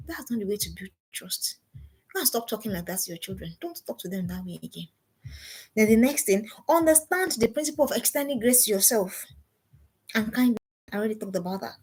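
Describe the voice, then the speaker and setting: A woman's voice: medium pitch, expressive, a little fast, slightly rough. A middle-aged woman, a parenting coach, gives an emphatic seminar talk and repeats her key points as commands.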